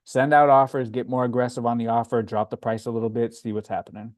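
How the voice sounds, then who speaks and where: A man with a Floridian accent talks easily through viewer questions, his voice sitting in an ordinary middle register. He's relaxed and conversational, often pausing on an "um" before answering. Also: medium pitch. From Florida, USA. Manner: relaxed, chatty, frequent "um" fillers. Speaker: livestream host answering chat. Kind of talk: casual livestream Q&A.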